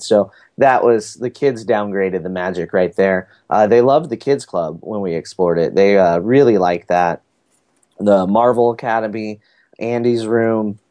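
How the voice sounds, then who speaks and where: A man with a somewhat low, slightly mellow voice chats casually as a podcast guest. He rambles through the story of a family cruise, using lots of fillers.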